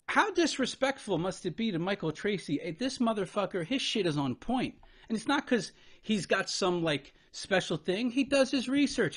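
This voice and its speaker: Exasperated swearing reaction commentator, lively pitch. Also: male voice. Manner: exasperated, incredulous, swearing, talks over paused clips. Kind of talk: profane, animated reaction commentary.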